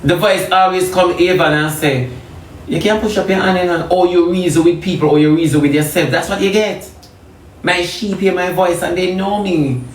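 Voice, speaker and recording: A Jamaican man preaching with a fairly high, animated voice, moving between loud exhortation and low, murmured prayer. He is recorded from a distance in an echoey room with a faint hum behind him. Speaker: comedic preacher. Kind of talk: animated street sermon with prayer.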